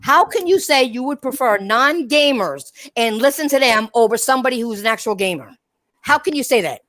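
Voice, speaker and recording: A woman's voice: a little high, lively intonation, brisk, fairly bright tone, dry recording. A woman hosting a podcast, ranting bluntly with profanity and repeated direct addresses to her listeners. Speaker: podcast host. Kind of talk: heated casual podcast rant.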